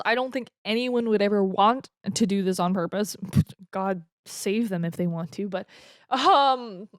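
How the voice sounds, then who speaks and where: A young woman in her twenties tells a story into a desk mic at home, chatty and giggly, with plenty of ums and uhs. Her voice sits at a middling pitch. The sound is dry and close. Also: clear, resonant tone, no echo. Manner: chatty and giggly, with lots of fillers. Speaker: vlogger. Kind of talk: casual storytelling.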